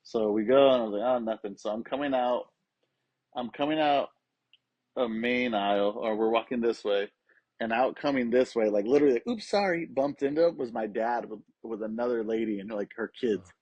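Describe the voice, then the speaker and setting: A man's voice: medium pitch, moderate pace, a little mellow, no room sound. A young adult man, a podcast guest, telling a personal story in casual, profane talk and acting out the voices of the people in it. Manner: swears freely, acts out quoted voices. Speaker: podcast guest, skateboarding coach. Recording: dull, lo-fi sound.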